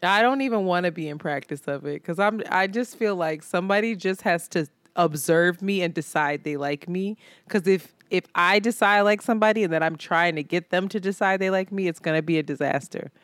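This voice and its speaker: A woman in her thirties co-hosting a casual podcast, telling animated stories, acting out friends' lines and laughing often. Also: lowish voice, a little fast, hardly any pauses, dry recording. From Philadelphia. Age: 30s. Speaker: podcast co-host. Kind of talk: casual chat.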